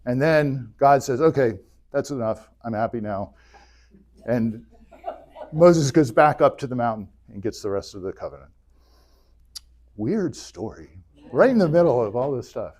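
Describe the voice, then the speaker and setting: A man teaching an adult church class, retelling scripture in a casual, joking way with quick bursts of character voices. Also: medium pitch, big pitch swings, a little mellow, husky. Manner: jokey retelling, voices biblical figures in bursts. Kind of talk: casual Bible history lecture.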